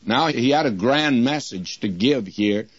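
An older man gives a radio sermon at a very slow, unhurried pace. He talks plainly and deliberately and reads scripture in old English. The sound is dry and dull, like an old lo-fi radio broadcast. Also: mid-range voice, expressive, breathy edge, no echo. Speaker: radio Bible teacher.

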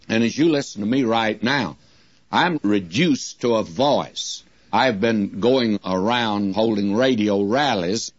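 An older man gives a radio sermon at a very slow, unhurried pace. He talks plainly and deliberately and reads scripture in old English. The sound is dry and dull, like an old lo-fi radio broadcast. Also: medium pitch, no room sound. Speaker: radio Bible teacher.

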